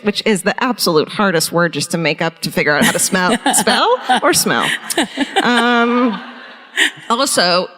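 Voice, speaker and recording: A woman's voice: medium pitch, expressive, moderate pace, sharp tone, in a large hall. Profane laughing woman on a theatre stage. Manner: profane, laughing, rambling storytelling. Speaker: podcast co-host. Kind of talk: live comedy true-crime podcast.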